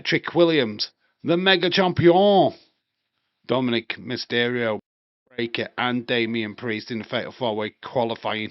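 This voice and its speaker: A man's voice: mid-range voice, no echo. A man chatting casually and rambling on a live wrestling watch-along stream, swearing now and then. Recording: dry, slightly dull home mic.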